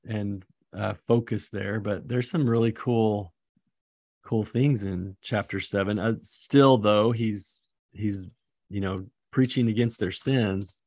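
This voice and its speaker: A man's voice: lowish voice, fairly even intonation, slow, darkish tone, no echo, clean studio sound. A man who teaches seminary, thinking aloud with enthusiasm and fillers while talking through lesson ideas. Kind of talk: casual teaching-prep chat.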